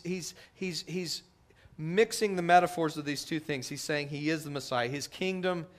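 A middle-aged man preaching a sermon as a pastor, animated, acting out quotes with big swings in pitch and loudness.

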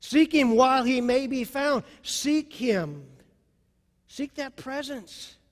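Impassioned high-voiced male pastor preaching. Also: animated, slow pace, big-room sound. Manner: impassioned preaching that swings from soft to loud. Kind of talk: sermon.

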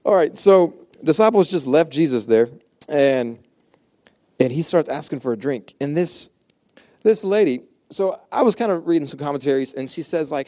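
A man's voice: a little high, animated, normal speed, darkish tone. A man preaching a conversational sermon, informal and humorous, retelling the story with playful asides. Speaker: pastor.

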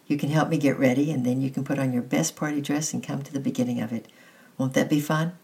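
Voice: mid-range voice, steady tone, quick pace, creaky, darkish tone, natural voice. A reader voicing a worried mother who speaks to her daughter in a hesitant, coaxing way.

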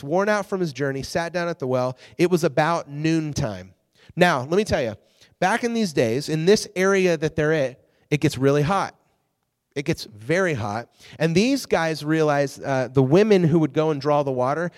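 A slightly high-voiced man preaches in a loose, conversational way, restarting phrases and tossing in "okay?" to his listeners. His voice rings out with a long reverb, as if he is speaking in a large hall. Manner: animated and chatty, with frequent restarts and "okay?" check-ins. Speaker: preacher teaching a Bible lesson. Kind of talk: casual, conversational Bible teaching.

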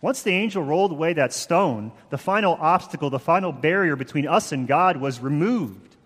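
A man preaching a sermon, measured and emphatic, with slow dramatic pauses. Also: fairly high pitch, expressive, slightly rough, big-room sound. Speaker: pastor.

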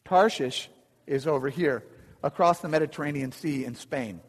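A man gives a relaxed, conversational sermon, breaking off for chuckling asides and restarting his sentences. His voice sits a bit higher than most men's. The sound carries a long reverb, as in a church sanctuary. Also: moderate pace, slightly rough. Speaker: preacher. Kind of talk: sermon with slides.

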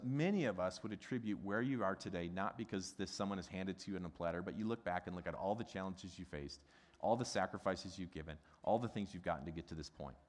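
A middle-aged man from the Midwest preaching a sermon in a conversational, animated way, asking the congregation questions. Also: deep voice. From American Midwest. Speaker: pastor. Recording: long hall reverb.

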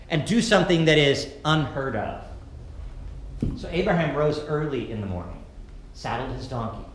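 A male pastor preaching a sermon and reading scripture dramatically, moving between loud calls and hushed narration. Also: mid-range voice. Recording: very echoey hall, faint background noise.

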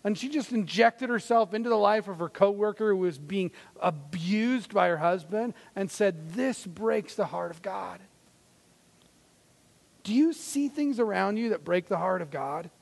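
A man's voice: high-pitched, expressive, moderate pace, gravelly, few pauses, long reverb tail. A man preaching a sermon as pastor, earnest and conversational, with fillers and restarts.

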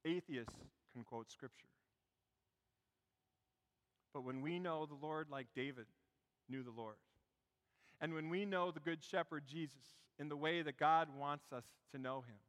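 A man preaching a sermon as a pastor, telling stories and dropping to a hush for emphasis. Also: fairly high pitch, unhurried, pauses often, clear, resonant tone. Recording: long hall reverb.

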